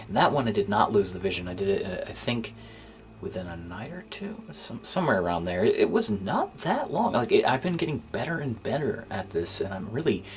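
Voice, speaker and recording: Deep-voiced gamer guy doing a casual vlog, kinda down, lots of ums, trails off into whispers. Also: big pitch swings, a little hiss or hum. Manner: subdued and halting, many fillers, drops to near-whisper. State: low-spirited. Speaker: gaming YouTuber. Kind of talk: casual thank-you vlog. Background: faint background music.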